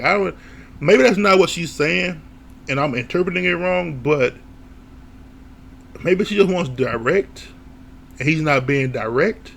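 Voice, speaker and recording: A man giving a casual, opinionated recap of a reality show, blunt and quick to laugh or swear. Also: a little high, gravelly, slight background noise.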